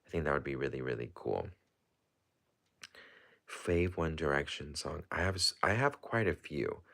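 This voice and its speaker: A livestream host with a deep, gravelly voice chats loosely while answering viewer comments, rambling with heavy fillers and restarts. His low voice still has a bright, forceful edge, and he speaks expressively at a moderate pace.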